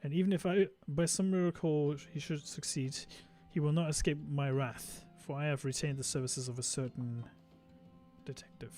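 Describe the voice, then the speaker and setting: A man's voice: on the high side, steady tone, moderate pace, darkish tone, faint music behind, natural voice. A man voicing a haughty noble lady collector from a game, speaking with imperious disdain. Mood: scornful.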